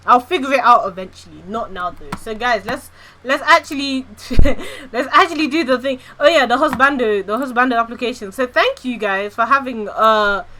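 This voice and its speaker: Woman, VTuber streamer, rambly and giggly, casual swearing, bright crisp tone, chatty livestream delivery. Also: on the high side, normal speed, slight background noise.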